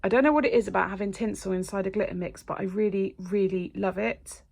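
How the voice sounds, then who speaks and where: Gushing woman with a gravelly edge. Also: medium pitch, fast talker. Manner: gushing, excitable, drops to breathy whispers. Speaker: nail technician. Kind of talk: casual unboxing chat.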